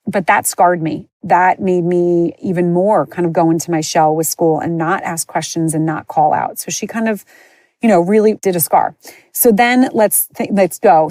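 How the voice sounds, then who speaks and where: Speaking with a slightly low, mellow voice, this podcast host shares her personal story candidly and chattily, peppered with "like" and "you know." The recording is close and dry, with no room sound or echo.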